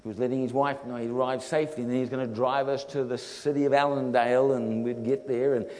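A man telling a funny travel story in a sermon, animated and laughing often. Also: medium pitch, fast. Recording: long hall reverb.

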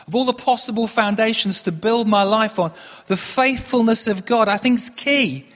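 A man preaching a sermon as pastor, earnest and measured, repeating phrases for emphasis, with prayer woven in. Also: sits high, in a large hall.

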